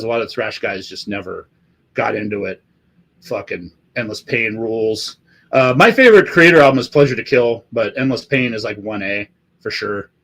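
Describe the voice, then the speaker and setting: A middle-aged man hosting a live stream, chatting loosely and swearing in nearly every sentence after a few drinks. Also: mid-range voice. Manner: profane, rambling, swears constantly. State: has been drinking. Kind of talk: casual live-stream chat.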